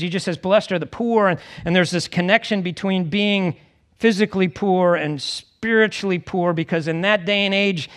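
A man preaching a conversational sermon to a congregation, acting out quoted voices with lively expression. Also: sits high. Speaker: pastor.

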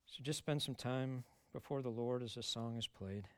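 Brief: middle-aged male pastor, plain mid-pitched voice, casual earnest preaching, close dry sound. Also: moderate pace, no echo. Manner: conversational, earnest, rising to emphatic stresses. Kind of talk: sermon.

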